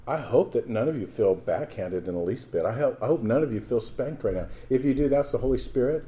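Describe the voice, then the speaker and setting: Male pastor, very dark and mellow tone, conversational sermon delivery that builds into emphatic scripture reading. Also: mid-range voice, expressive, a little fast.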